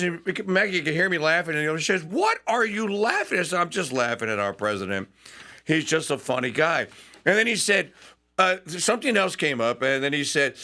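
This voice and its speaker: A man hosting a talk radio show, chatting casually, laughing often and acting out quotes with animated delivery. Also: on the high side, normal speed.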